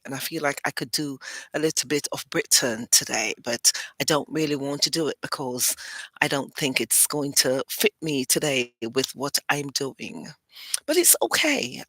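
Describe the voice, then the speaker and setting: A woman's voice: low voice, pushed and bright, dry recording. A woman hosting her own livestream show, talking in a casual, rambling and playful way. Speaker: host and publisher.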